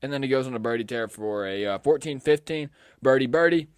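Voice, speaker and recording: A man's voice: medium pitch, brisk, smooth, dry recording, studio quality. A young man co-hosting a casual golf podcast, chatty and informal, laughing easily with his co-host. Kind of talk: casual sports chat.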